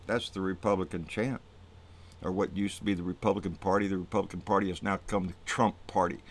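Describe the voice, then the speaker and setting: A man delivering an angry, profane political rant on his own channel, swinging from low muttering to loud outbursts. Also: fairly even intonation, quick pace, no room sound. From Texas. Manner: profane, fired-up, swings between muttering and shouting. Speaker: political vlogger.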